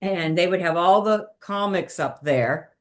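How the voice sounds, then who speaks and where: A woman's voice: on the low side, unhurried. A middle-aged woman, a comedic impressionist, telling stories animatedly in an interview and laughing often. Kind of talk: chatty interview storytelling.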